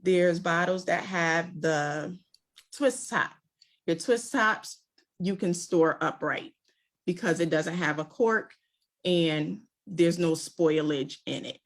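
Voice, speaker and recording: Slow-talking woman presenting wines. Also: on the low side. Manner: relaxed, chatty, with fillers. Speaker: wine presenter. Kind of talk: virtual tasting presentation. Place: home, on a video call. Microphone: video call mic.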